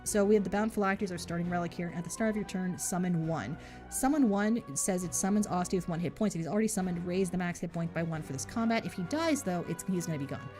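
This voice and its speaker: Joking woman streamer, lowish voice. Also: fast, dark tone, faint music behind. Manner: joking, rambling, mock-boastful. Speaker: game streamer. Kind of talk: casual live game commentary.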